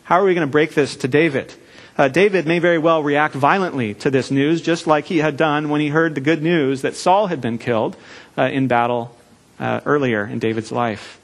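A man preaching a sermon in a church, earnest and measured, with deliberate pauses. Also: fairly high pitch. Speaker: pastor.

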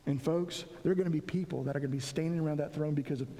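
A man's voice: a little high, fairly even intonation, rapid-fire, warm tone. A man preaching a sermon as pastor, reading scripture with rising emphasis. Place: church sanctuary. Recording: long reverb of a large hall.

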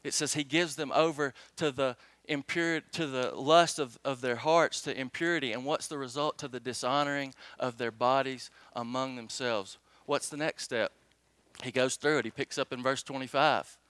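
A man's voice: mid-range voice, steady tone, moderate pace, a bit bright, dry recording. A man preaching a sermon, reading scripture emphatically and asking the congregation rhetorical questions. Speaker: pastor.

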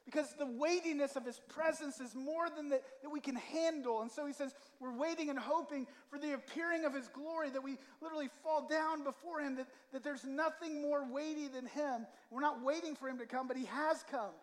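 A man's voice: extremely high pitch, fairly even intonation, brisk, hardly any pauses, long reverb tail. A man preaching a sermon to his church, in a conversational way, often repeating words and asking the room "right?". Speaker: pastor. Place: church sanctuary.

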